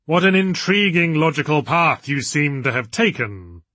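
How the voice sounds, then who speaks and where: A man voicing a dazed, pompous, theatrical male villain who talks slowly and grandly, slurring his words. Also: on the high side, animated, sharp tone, dry recording, voice pushed up. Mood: grandiose, slurred.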